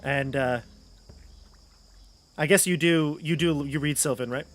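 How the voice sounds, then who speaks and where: A man narrating as game master of a tabletop role-playing game in a relaxed, casual way. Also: on the high side, unhurried, soft background music.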